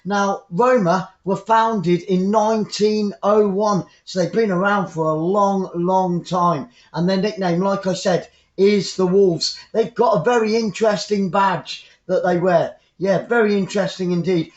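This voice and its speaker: A man with an English accent giving chatty, excitable live football commentary as a fan, rambling into asides to his viewers. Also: sits high, unhurried, few pauses, reverberant, lo-fi sound.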